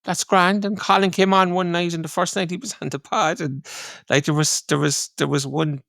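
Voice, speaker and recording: A man's voice: sits high, steady tone, moderate pace, vocal fry, a bit bright, no room sound, studio quality. A man with a Cork Irish accent, a podcast host telling a long rambling story in casual chat, full of "like, you know". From Ireland.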